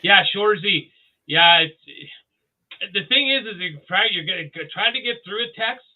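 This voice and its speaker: A Canadian man, a guest on a casual podcast, joking loudly and breaking into comic voices. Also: high voice, moderate pace. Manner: excitable, jumps into loud joking voices. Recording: tinny phone-like line.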